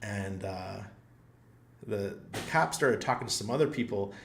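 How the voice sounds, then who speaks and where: A man's voice: fairly low pitch, lively intonation, measured pace, gravelly, slight background noise. A man hosting his own channel, rambling through a funny story in a casual, self-mocking way with frequent laughs. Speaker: channel host. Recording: roomy echo.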